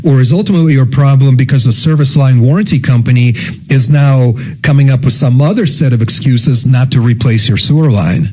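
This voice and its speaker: A man's voice: mid-range voice, brisk, darkish tone, poor audio. A man hosting a call-in radio show, probing and cutting in to pin down the facts. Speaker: radio consumer-advocate host.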